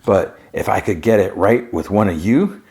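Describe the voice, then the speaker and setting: A man's voice: fairly low pitch, moderate pace, a little mellow, close to an everyday voice. A man voicing a smug, eccentric male scientist, talking in a self-important, defensive way. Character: smug eccentric male scientist who builds car people.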